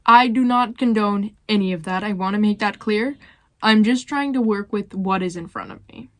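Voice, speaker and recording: A woman's voice: medium pitch, normal speed, no room sound. A young woman giving blunt, opinionated commentary with casual swearing as a video host. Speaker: YouTuber ranking reality show cast.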